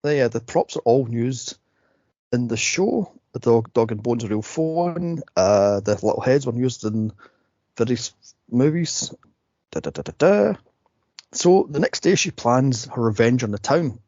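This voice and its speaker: Husky, gravelly man chatting. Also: mid-range voice, expressive, unhurried, darkish tone, no echo, lo-fi sound. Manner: rambling, laughs often, acts out scenes. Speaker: podcast host. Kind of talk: casual movie podcast chat.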